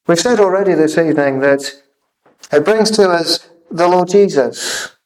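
Earnest male preacher, high-pitched, halting delivery, miked from a distance. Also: a little mellow. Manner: earnest, halting with repeated fillers. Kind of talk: sermon.

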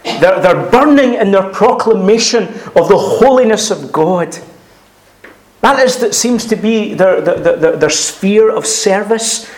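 Earnest preacher man, slightly high voice. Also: animated, a little mellow. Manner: earnest, emphatic, repeats phrases, quotes scripture; frequent pauses and restarts, clears throat. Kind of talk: expository sermon.

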